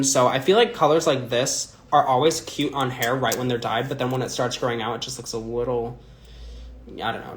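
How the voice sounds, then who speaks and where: Young male drag performer, loose chatty livestream delivery, filler-heavy, mid-pitched, roomy echo. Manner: rambling, chatty, many "like" and "um" fillers. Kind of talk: casual livestream chat answering viewer comments. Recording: echoey room with faint music.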